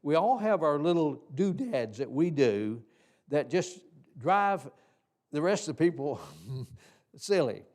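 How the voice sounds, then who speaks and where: A man with a slightly high voice leads a teaching session in a church hall. His talk is folksy and halting, full of fillers and restarted phrases. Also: big pitch swings, darkish tone. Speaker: Sunday school teacher trainer.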